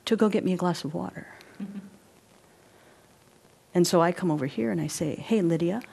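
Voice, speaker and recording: Animated woman leading a body workshop. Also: mid-range voice. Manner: animated, checks in with audience often; guides listeners through body movements. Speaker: workshop presenter. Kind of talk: live interactive workshop talk.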